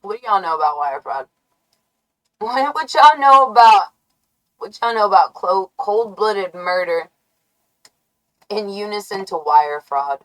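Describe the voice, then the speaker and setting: A woman's voice: mid-range voice, expressive, measured pace, long pauses, fairly bright tone, poor audio. A woman live streamer rambling in a brash, taunting, profane way. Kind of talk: rambling livestream rant.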